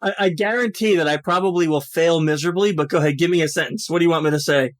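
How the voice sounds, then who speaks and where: A man hosting a podcast in casual chat, easygoing and quick to laugh. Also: a little high. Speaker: podcast host.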